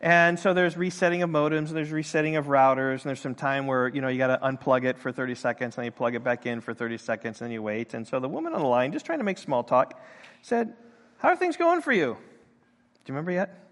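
A man's voice: medium pitch, fast talker. Older man preaching, with hall reverb. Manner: animated storytelling, acting out voices in quotes. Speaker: pastor. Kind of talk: sermon.

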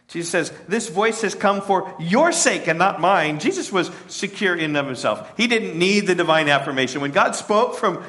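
Preacher guy talking sermon style, kinda high voice, lots of "right?" and "like". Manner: conversational preaching with frequent "right?" and "like"; voices the crowd's lines in a raised, animated pitch. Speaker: pastor.

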